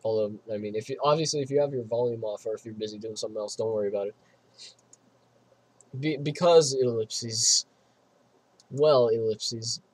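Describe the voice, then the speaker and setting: Husky, playful male streamer. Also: medium pitch, normal speed, long pauses. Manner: playful, giggly, rambling asides. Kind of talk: casual let's-play commentary, reading game text aloud. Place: home streaming setup.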